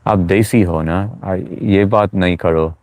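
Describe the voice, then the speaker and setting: A man's voice: deep voice, steady tone, normal speed, darkish tone, dry recording. An American-born man hosting a live chat Q&A, chatty and reassuring, with many fillers as he answers viewers. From United States. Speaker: livestream host. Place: New York.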